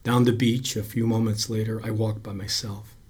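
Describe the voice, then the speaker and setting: A man narrating a story aloud in a slow, quiet, brooding delivery. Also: lowish voice, little pitch movement, slightly rough.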